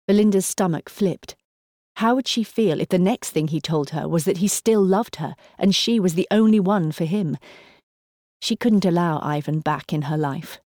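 A woman narrating a novel in an even storytelling delivery, recorded on a close mic. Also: on the low side, no room sound. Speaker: audiobook narrator. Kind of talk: scripted narration.

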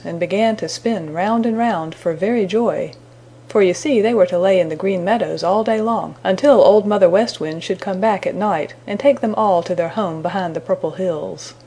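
Husky woman reading a children's story. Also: mid-range voice. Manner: gentle, measured storytelling. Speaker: storybook narrator.

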